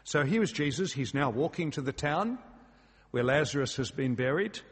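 A man's voice: fairly high pitch, lively intonation, normal speed, breathy edge, long reverb tail. A man preaching a sermon in a church, earnest and emphatic, asking his listeners rhetorical questions. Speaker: pastor.

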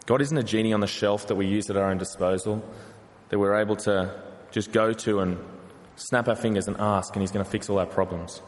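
A man's voice: fairly low pitch, steady tone, fairly quick. Man preaching in a reverberant hall. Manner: earnest, preaching with rhetorical questions and acted quotes. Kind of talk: sermon.

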